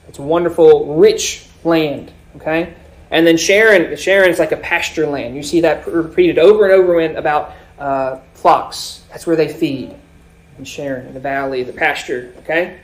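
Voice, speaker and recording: A man preaching a sermon, explaining scripture with swells and sudden drops in loudness. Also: fairly high pitch, moderate pace. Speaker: pastor.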